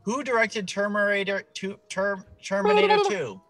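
A man's voice: high voice, normal speed. Guy on a podcast reading trivia cards, goofy and bouncy, voice swings all over, faint music behind. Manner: playful, jokey, animated. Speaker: podcast co-host, quiz reader. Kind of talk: casual chat.

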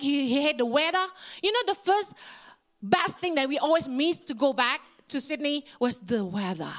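Brief: woman, middle-aged guest preacher, high voice, lively and expressive. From Indonesia. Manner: animated storytelling with big pitch swings. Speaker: guest speaker. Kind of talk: sermon.

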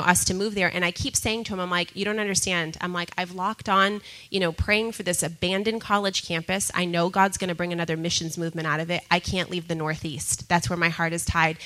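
A woman sharing a personal testimony with a group, talking in an animated way and often breaking into laughter. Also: on the low side, low-quality recording. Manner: laughs often, excitable, repeats herself.

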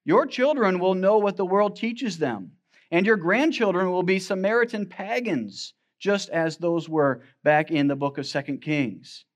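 A man's voice: high-pitched, measured pace. A man preaching a sermon as pastor, quoting scripture in old-fashioned wording.

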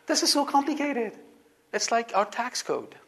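A man's voice: extremely high pitch, very animated, moderate pace, a bit bright, voice pushed up, heavily acted. A man voicing an exasperated rule-weary complainer. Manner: complaining, pleading. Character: exasperated man fed up with endless rules.

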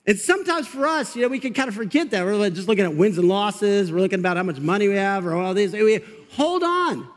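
Pastor guy preaching all fired up, kinda high voice, long echo like a big church. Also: fast talker, hardly any pauses. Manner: energetic, fired up, conversational with frequent asides. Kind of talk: sermon. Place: church sanctuary.

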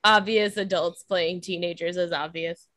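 A woman's voice: on the low side, steady tone, normal speed, fairly bright tone, dry recording. A woman co-hosting a casual chat, talking loosely with lots of "like" and frequent laughter. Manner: chatty, peppered with "like", laughs often.

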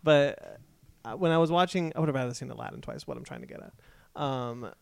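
Fast-talking man with a gravelly edge. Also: on the high side, expressive, no room sound. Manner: eager, quick, jumps in with details. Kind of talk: casual film discussion.

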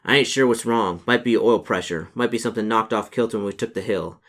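A man's voice: fairly low pitch, fast, fairly bright tone. A man voicing a laconic rural coach driver with folksy, drawling speech, close to his own voice. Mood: matter-of-fact.

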